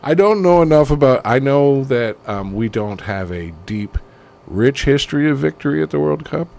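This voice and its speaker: A man's voice: mid-range voice, expressive, normal speed, vocal fry, a little mellow. A man co-hosting a casual comedy podcast, rambling and irreverent, swearing freely. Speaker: podcast co-host.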